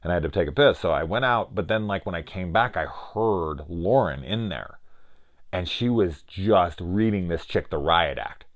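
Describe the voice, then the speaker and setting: A man's voice: low-pitched, animated, moderate pace. A young man reviewing a horror film in casual chat, swearing freely and trailing into restarts as he rambles into a personal story.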